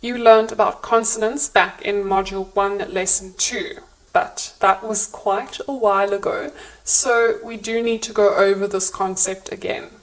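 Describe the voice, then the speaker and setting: A woman narrating a scripted English pronunciation lesson in a clear, measured teaching manner. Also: mid-range voice, fairly even intonation, low-quality recording.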